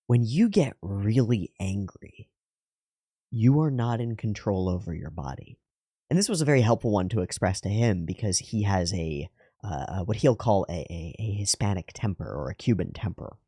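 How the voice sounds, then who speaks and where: A man's voice: on the low side, animated, brisk, warm tone, slightly rough, no room sound, studio quality. A man hosting an anime reaction video, thinking aloud in earnest, musing commentary with frequent restarts. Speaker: anime reaction channel host. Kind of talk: reflective commentary.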